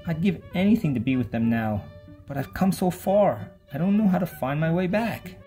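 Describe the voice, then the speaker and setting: A narrator reading aloud as a small duck girl who puffs herself up with bold, boastful threats in a children's storybook. The voice stays mid-pitched and plain, with soft music faintly underneath. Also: expressive, normal speed, natural voice. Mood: frightened.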